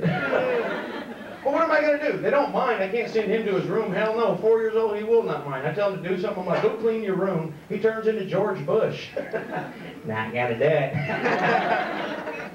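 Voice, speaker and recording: A man with a high voice tells stand-up stories loudly and laughs along as he goes. He is recorded from far off in an echoey club. A crowd laughs over a constant background noise. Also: dull audio. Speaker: stand-up comedian. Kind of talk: stand-up comedy set.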